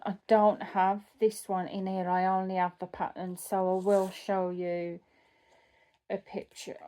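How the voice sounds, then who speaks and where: At home, a woman who runs a cross-stitch channel chats casually while sorting her craft kits, thinking out loud and correcting herself along the way. Her voice is mid-range and warm.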